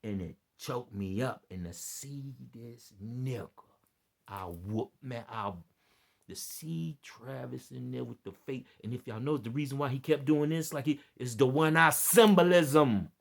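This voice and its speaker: A man's voice: medium pitch, measured pace, gravelly. A tired man rambling through an earnest, preachy monologue to his followers, often repeating himself. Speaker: vlogger giving religious commentary.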